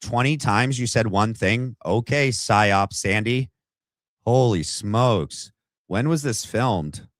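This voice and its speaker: Slow, sarcastic male commentator. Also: lowish voice, dry recording. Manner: sarcastic, mocking; slangy, with frequent fillers. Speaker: podcast host. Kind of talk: casual commentary reacting to a clip.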